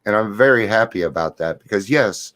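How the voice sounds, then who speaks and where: Middle-aged man, low voice, earnest, confiding, daily reflection to camera. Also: lively intonation, fairly quick, fairly bright tone. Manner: earnest, confiding, tells stories with laughs. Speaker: recovery vlogger.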